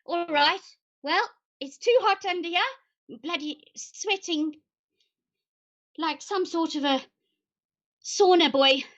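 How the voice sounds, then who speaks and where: A woman's voice: very high-pitched, slow pace, pauses often, a bit bright, exaggerated voice. A woman playing an eccentric lady senator from long ago in an improvised character stream, rambling and theatrical and switching accents on a whim.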